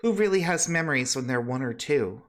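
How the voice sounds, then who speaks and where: A man's voice: mid-range voice, lively intonation, a little fast, voice pushed up, lightly acted. A man voicing a weary, blunt young woman in a tabletop game, sounding exasperated and questioning. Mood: offhand.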